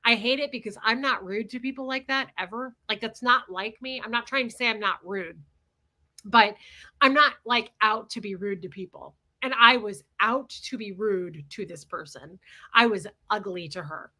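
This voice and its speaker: A woman hosting a livestream, telling a personal story in a candid, blunt, animated way. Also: mid-range voice, moderate pace. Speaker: livestream host.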